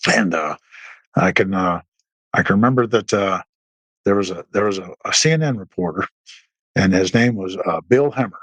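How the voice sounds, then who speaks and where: Husky low-voiced veteran man telling stories. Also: normal speed, pauses often, a bit bright, dry recording, low-quality recording. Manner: rambling anecdotal telling with many restarts and fillers; acts out quoted dialogue with raised pitch. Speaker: podcast guest, military veteran. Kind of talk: casual storytelling interview.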